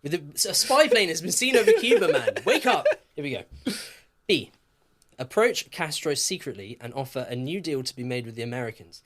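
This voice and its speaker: Male podcast co-host; casual, animated history storyteller who jokes and swears. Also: fairly high pitch, fairly quick. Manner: lively, jokey, swears, laughs often.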